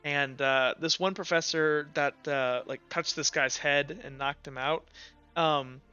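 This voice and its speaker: Bright-voiced male game master. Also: on the high side, steady tone, unhurried, clean tone. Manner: loose, filler-heavy narration. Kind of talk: narrating a tabletop game. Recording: dull lo-fi audio with faint music.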